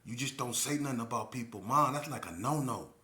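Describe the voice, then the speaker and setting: A man's voice: medium pitch, animated, fairly quick, pushed and bright, roomy sound. A middle-aged man from Las Vegas telling a story in a loose, casual way, often saying "you know what I'm saying". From Las Vegas, Nevada.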